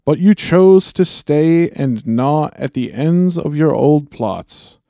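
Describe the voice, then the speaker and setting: A man's voice: on the low side, darkish tone, dry recording, studio quality, pitched below the performer's own voice. A man reading as a stern commanding wizard. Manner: commanding, slow and deliberate reading. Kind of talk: reading a book excerpt aloud.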